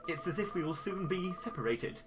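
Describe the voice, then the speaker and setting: A man's voice: high voice, animated, fairly quick, noisy background. A man commenting playfully and jokily on his own live game speedrun. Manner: jokey, playful, theatrical.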